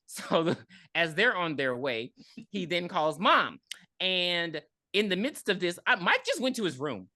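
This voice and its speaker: A woman's voice: fairly low pitch, unhurried, no room sound. A woman co-hosting a podcast, casually recapping a film and acting out the characters' lines. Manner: animated, acts out characters in quotes. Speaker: podcast co-host. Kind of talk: casual movie recap chat.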